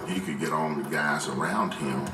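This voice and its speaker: A man, a coach, speaking in slow, measured praise. His voice is extremely deep. The recording sounds roomy and far from the mic. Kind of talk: interview soundbite.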